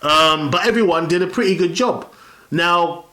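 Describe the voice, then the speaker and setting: A man's voice: high voice, normal speed, pushed and bright. Rambling man reviewing a film, echoey room. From London, England. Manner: rambling, many fillers and restarts. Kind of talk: casual spoken film review.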